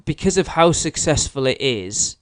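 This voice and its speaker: A man's voice: fairly high pitch, sing-song, moderate pace, no echo, studio quality. A man co-hosting a casual podcast, joking and reading listener emails aloud. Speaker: podcast co-host.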